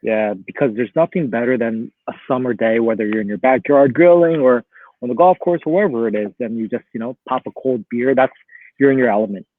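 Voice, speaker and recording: A man's voice: mid-range voice, fairly quick, dry recording. Man from Philly on a tinny call line. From Philadelphia. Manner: relaxed, chatty, laughs often. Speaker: guest. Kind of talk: casual chat. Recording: tinny phone-like line, dry.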